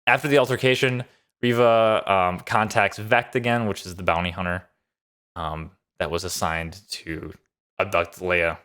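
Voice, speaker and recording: A man's voice: low-pitched, steady tone, unhurried, a bit bright. A man casually recapping and reviewing a TV episode, upbeat and rambling with lots of fillers. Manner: enthusiastic, loose with many fillers. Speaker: show reviewer.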